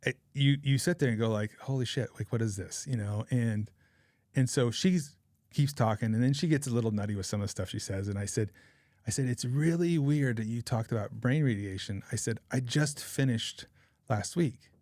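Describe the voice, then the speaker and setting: A man's voice: mid-range voice, moderate pace, darkish tone, dry recording, studio quality. A man in his forties, a podcast guest, telling a rambling personal anecdote in a casual, chatty way. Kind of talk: casual storytelling.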